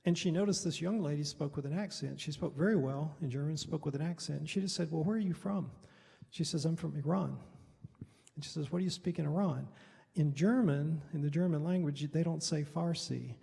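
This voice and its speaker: A man's voice: a little high, a little fast, vocal fry, mellow. A middle-aged man, a Baptist pastor, telling a mission story at a Bible study in a loose, rambling, conversational way. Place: church hall. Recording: reverberant hall.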